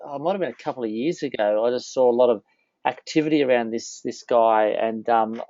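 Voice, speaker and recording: A man's voice: mid-range voice, fairly quick, mellow, no echo. Australian male host, enthusiastic and chatty, dry muffled call audio. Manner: enthusiastic, many fillers, laughs often. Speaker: interview host. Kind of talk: casual interview chat.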